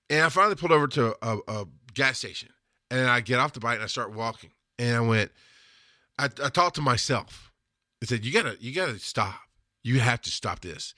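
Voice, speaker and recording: A man's voice: mid-range voice, bright, forceful tone, dry recording, clean studio sound. A man hosting a podcast, talking candidly in a casual monologue, laughing often and swearing freely. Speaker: podcast host.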